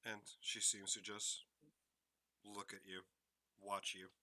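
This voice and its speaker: A man narrating a tabletop role-playing game as game master, setting scenes in a slow, measured way. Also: lowish voice, flat delivery, bright, forceful tone.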